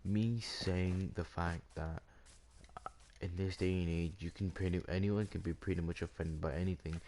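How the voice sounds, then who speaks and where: A man with a very low, deep voice rants loosely over gameplay, wandering and restating his point again and again. His talk is full of "like" and restarts, and a faint hiss sits under it. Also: steady tone, moderate pace, mellow. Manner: rambling, repeats himself, leans heavily on "like". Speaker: gaming channel host. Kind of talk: rambling rant over gameplay.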